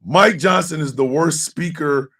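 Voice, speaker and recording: A man rants on his talk show and curses freely, going from shouted outbursts to low grumbles. His voice is somewhat high and gravelly, with a wide, jumpy pitch. He sits away from the microphone. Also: measured pace, distant mic. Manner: profane, shouting, swings between yelling and muttering. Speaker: host. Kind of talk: loud rant on a casual talk show.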